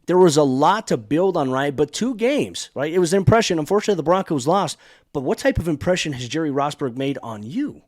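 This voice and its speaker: A man hosts a sports talk podcast with a somewhat high, lively voice. He speaks with emphatic energy. The sound is dry and close, with no room echo. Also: a little fast. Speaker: podcast host.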